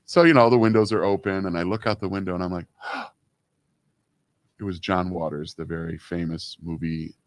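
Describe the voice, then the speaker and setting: A man's voice: low-pitched, steady tone, fast, few pauses, no echo. A man in his fifties co-hosting a casual talk show, telling stories with many "you know" fillers. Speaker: co-host. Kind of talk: casual radio-style chat.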